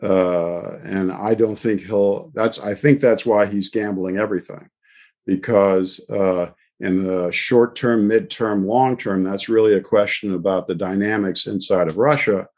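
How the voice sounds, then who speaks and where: A man on a policy panel who speaks haltingly, with many pauses and fillers. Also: lowish voice, fairly even intonation, darkish tone.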